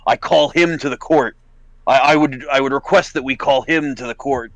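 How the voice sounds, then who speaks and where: A man playing a tabletop game, speaking earnestly and haltingly in character. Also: medium pitch, no echo, low-quality recording. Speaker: player. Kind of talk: tabletop roleplay.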